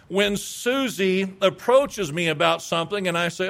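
Middle-aged guy preaching, high voice, punchy and emphatic, plays out little dialogues. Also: moderate pace, gravelly, hardly any pauses, a bit bright. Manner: emphatic, acts out quoted replies. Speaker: pastor. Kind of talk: sermon.

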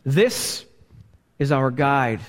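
A man preaching a live sermon as pastor, slow and emphatic, asking the congregation rhetorical questions. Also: mid-range voice, animated. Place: church sanctuary. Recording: live church recording with long reverb.

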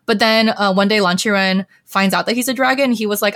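A woman's voice: medium pitch, fairly quick, fairly bright tone, no echo, studio quality. A young woman hosting a podcast, casually recapping a story in a chatty way with many fillers. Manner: chatty, heavy use of filler "like". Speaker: podcast host.

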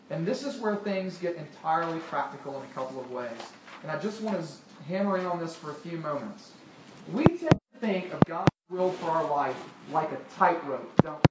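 A man's voice: high-pitched, highs cut off. A man preaching a sermon, talking conversationally and asking the crowd rhetorical questions. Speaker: pastor. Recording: echoey hall, distant mic, loud noise.

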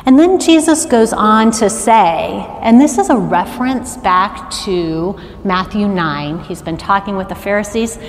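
A middle-aged woman preaching a sermon, animated and asking the congregation to call out answers. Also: mid-range voice, unhurried, hardly any pauses. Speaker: worship arts director preaching. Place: church sanctuary. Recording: long reverb of a large church hall.

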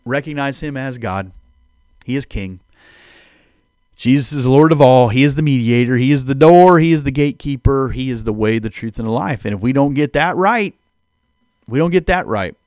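A man's voice: mid-range voice, moderate pace, darkish tone, no room sound. A man giving a casual devotional talk as a preacher and podcast host. He talks conversationally and repeats key phrases for emphasis.

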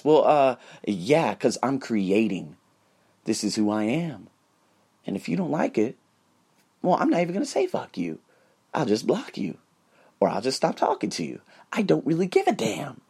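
An American man hosting his own podcast, giving a high-energy, emphatic motivational monologue with plenty of profanity. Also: big pitch swings, moderate pace, vocal fry, a little mellow, breathy edge. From United States. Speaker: podcast host.

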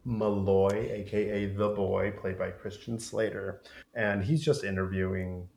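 Chatty man in an echoey room. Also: gravelly. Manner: animated, rapid run-on retelling with squeaky quoted voices. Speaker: podcast co-host. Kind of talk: casual film discussion.

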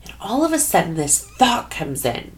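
A woman's voice: lowish voice, sing-song, normal speed. A woman telling a personal faith testimony in an earnest way, searching for her words as she goes. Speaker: Christian speaker.

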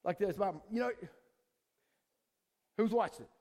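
A man preaching a sermon to a congregation in a casual, animated way, acting out quick voices of people. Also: high-pitched. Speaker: pastor.

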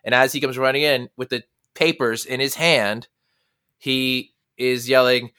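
A man who is a guest actor, telling animated backstage anecdotes in a podcast interview and stammering when excited. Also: medium pitch, a little slow, clean tone, dry recording. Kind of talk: conversational interview storytelling.

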